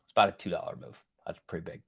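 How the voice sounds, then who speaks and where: Racing along in a low, husky voice with vocal fry, this man is very expressive. He hosts a stock market livestream, bantering casually, joking and cursing in response to his viewers.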